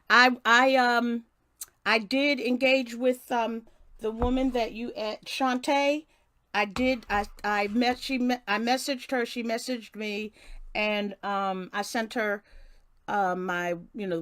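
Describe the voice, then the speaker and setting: A woman's voice: medium pitch, fairly bright tone, no room sound, studio quality. An older woman hosting a casual live stream, reading a passage and then greeting viewers by name with many restarts. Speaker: livestream host.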